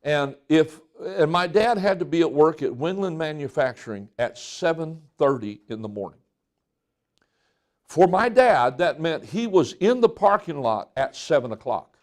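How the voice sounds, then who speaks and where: A man's voice: fairly high pitch, animated, measured pace. A man in his sixties preaching a sermon in a folksy storytelling way, often restarting his sentences. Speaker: pastor.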